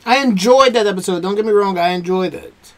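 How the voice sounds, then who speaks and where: Man, high voice, casual spoken review, rambling, hesitant, lots of fillers. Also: fairly quick. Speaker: reaction video host.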